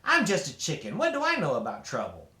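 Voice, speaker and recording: A worried but stubborn little girl, put on by a man reading aloud, earnest and a little pleading. Her voice sits up high and swings widely. The room adds a roomy echo. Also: huge pitch swings, fast talker, bright, forceful tone, heavily acted. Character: anxious stubborn young girl, picked-on little sister.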